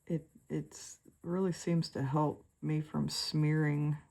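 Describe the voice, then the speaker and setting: A woman talking viewers through a colored pencil drawing in a relaxed, chatty way, with lots of fillers and trailing thoughts. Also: sits low, slow, vocal fry. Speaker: art tutor. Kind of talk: relaxed draw-with-me instruction.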